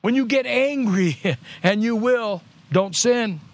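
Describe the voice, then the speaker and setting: A middle-aged man preaching a sermon with an unusually high voice. He is earnest and deliberately repeats his points for emphasis, and the sound is close and dry, with no room echo. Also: expressive. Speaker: pastor.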